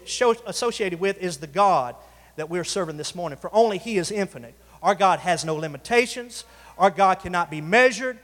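A man preaching a sermon to his congregation, calling for responses and stretching out key words for emphasis. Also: sits high. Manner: preaching with call-outs to the congregation, drawn-out emphasis. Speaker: pastor. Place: church sanctuary. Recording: reverberant church hall.

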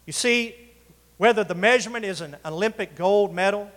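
High-voiced preacher in an echoing church. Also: male voice, fairly bright tone. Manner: preaching with call-outs to the congregation, drawn-out emphasis. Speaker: pastor. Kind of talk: sermon. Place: church sanctuary. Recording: reverberant church hall.

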